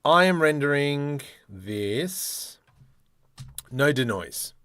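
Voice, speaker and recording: A man demonstrating 3D modeling software, thinking aloud in a playful way and muttering keyboard shortcuts and mild exclamations as he works. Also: fairly high pitch, animated, drawn-out words, clear, resonant tone, no echo. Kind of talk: screen-recorded software tutorial, thinking aloud.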